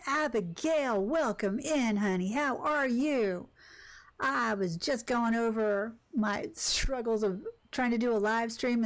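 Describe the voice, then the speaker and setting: A woman live-streaming a cozy game, chatting casually and rambling with quick asides about her day. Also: a little high. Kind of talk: casual live-stream chat while gaming.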